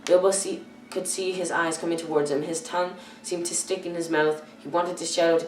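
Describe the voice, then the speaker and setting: A teenage girl reading a children's novel aloud, careful and halting, often stumbling and correcting herself. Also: on the low side, flat delivery, a little mellow, a little hiss or hum. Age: teens. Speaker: youth reader. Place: church hall. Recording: echoey room, far from the mic.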